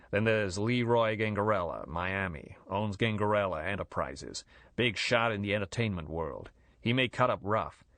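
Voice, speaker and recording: Touchy gangster boss, curt and menacing, low and dry, as a male narrator puts him on. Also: a bit bright, dry recording. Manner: curt, blunt, threatening.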